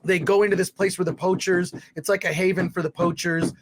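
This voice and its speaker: A man's voice: high-pitched, fairly even intonation, a little fast, noisy background. A man hosting a live stream, giving a rambling, exasperated spoken movie review. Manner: rambling, exasperated, with restarts and loud outbursts.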